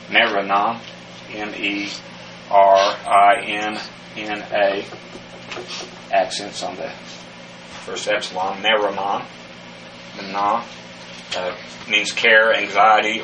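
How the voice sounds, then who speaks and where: Man teaching a slow Greek word study. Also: lowish voice, pushed and bright. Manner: spells out Greek words letter by letter, many "uh" fillers. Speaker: Bible teacher. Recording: echoey room, voice from a distance, faint hiss.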